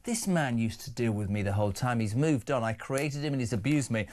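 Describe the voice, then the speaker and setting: A man hosting a talk radio show, reading listener messages aloud in a brisk, emphatic, opinionated way. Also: mid-range voice, darkish tone.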